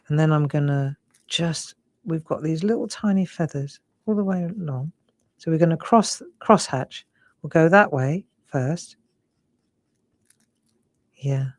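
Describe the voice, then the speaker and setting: With long pauses and a slow pace, a low-voiced woman in her sixties demonstrates drawing live, speaking in a slightly Cockney English accent with no echo. The craft demonstrator from England is chatty and warm, often using "look" and "lovely."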